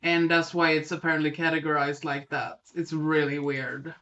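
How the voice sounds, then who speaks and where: A podcast co-host with a lisp, chatting casually about films and often pausing on ums. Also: medium pitch, flat delivery, fairly bright tone, highs cut off. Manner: hesitant, lots of ums. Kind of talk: casual film chat.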